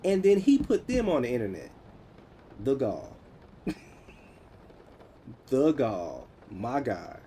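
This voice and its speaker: An American man in his thirties, chatting casually on a livestream, answering viewers in an animated, teasing way. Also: mid-range voice, slow, long pauses, slight background noise. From United States. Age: 30s. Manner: animated, teasing, laughs often.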